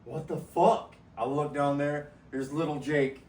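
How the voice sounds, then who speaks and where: A man co-hosting a casual podcast, crude and quick to laugh and swear. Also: a little high, fairly even intonation, a little mellow, roomy sound, distant mic, poor audio. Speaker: podcast co-host. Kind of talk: casual storytelling chat.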